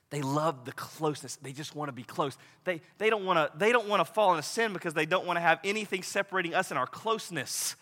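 Man, pastor, sermon, conversational, bright forceful tone, long hall reverb. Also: high-pitched, fast talker, hardly any pauses. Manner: animated, conversational preaching with dramatic quoted voices.

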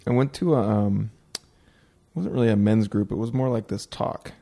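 A man's voice: on the low side, moderate pace, vocal fry, warm tone. A man hosting a podcast, talking casually and rambling, with lots of fillers and quoted asides. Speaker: podcast host. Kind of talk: casual conversation.

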